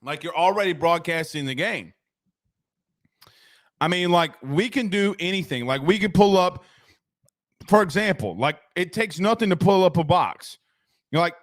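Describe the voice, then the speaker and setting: A man's voice: sits high, animated, moderate pace, pauses often, no room sound, clean studio sound. A man hosting a casual postgame sports talk show, ranting animatedly and reading out viewer comments.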